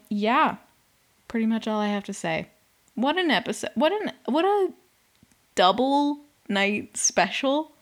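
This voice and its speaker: A young woman hosting a podcast, talking casually and sarcastically about a reality show, swearing often and filling with "like". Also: mid-range voice. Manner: sarcastic, swears a lot, fills with "like". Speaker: podcast host. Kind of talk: casual reality-TV recap monologue.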